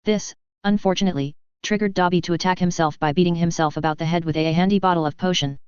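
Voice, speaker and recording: A woman reads a story aloud with a very clear, smooth voice pitched a little low. She keeps a steady, even storytelling pace. The recording sounds dry and slightly dull. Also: fast, no room sound. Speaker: narrator. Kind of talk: audiobook reading of fan fiction.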